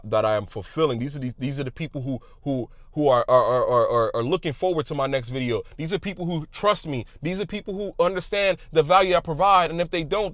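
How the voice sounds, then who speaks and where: A man giving a passionate motivational talk to his viewers, loud and emphatic, repeating phrases for weight. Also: mid-range voice, no echo. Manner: loud at times. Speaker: YouTube creator.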